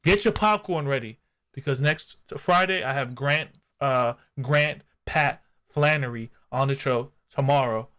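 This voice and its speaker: A man hosting a casual livestream podcast, bantering in hyped slang and shouting out the chat. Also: medium pitch, measured pace, a little hiss or hum. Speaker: podcast host.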